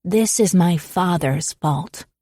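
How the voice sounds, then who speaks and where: A woman's voice: on the low side, slow pace, dry recording, studio quality. Steely, protective young woman, as a woman voices her. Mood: cold fury. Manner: firm, quiet and cold. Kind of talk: audiobook character voice.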